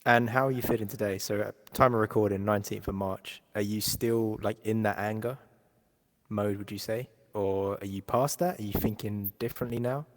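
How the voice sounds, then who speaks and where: A man's voice: lowish voice, fairly even intonation, normal speed. A man hosting an interview, asking easygoing, rambling questions in casual chat. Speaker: podcast host, interviewer. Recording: long echoey reverb.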